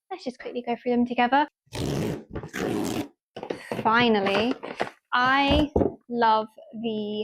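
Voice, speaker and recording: A woman's voice: fairly high pitch, lo-fi sound. A young woman, chatting casually and gushingly in a vlog, full of "like" and little laughs. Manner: bubbly, gushing, lots of "like". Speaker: vlogger.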